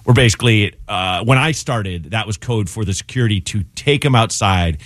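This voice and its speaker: A man's voice: lowish voice, normal speed, no echo, studio quality. A man, a comedian guest on a radio show, telling a story in casual talk and acting out the people in it. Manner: animated, acts out voices in his anecdotes. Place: radio studio.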